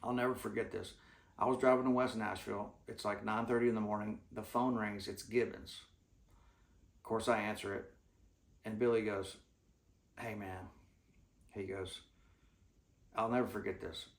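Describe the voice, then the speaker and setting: A man's voice: fairly low pitch, steady tone, normal speed, vocal fry, long pauses, roomy sound. A man telling rambling, folksy stories in a casual way, full of restarts and fillers. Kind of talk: casual storytelling.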